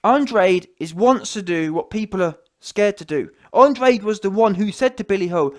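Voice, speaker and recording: A man's voice: high voice, lively intonation, normal speed, few pauses. Heated man ranting on boxing. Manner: heated, mocking, slangy, full of restarts and "yeah" tags. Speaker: boxing commentator. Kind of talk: ranting opinion vlog.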